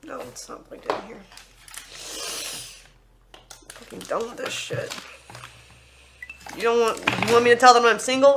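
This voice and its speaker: A woman's voice: a little high, measured pace, pauses often, noisy background. A young woman venting in anger on an unscripted livestream, swearing often and sometimes close to tears. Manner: angry, profane, venting.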